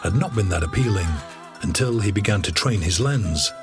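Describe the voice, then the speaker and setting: Measured male documentary voice-over, low and wry, read over a music bed. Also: expressive. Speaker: documentary narrator. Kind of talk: scripted narration.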